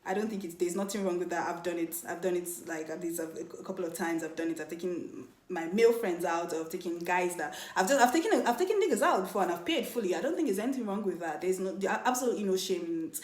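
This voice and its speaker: A young woman telling a dating story in a casual, animated vlog, often laughing and mimicking other people. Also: fairly low pitch, quick pace, few pauses. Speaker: vlogger. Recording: echoey room.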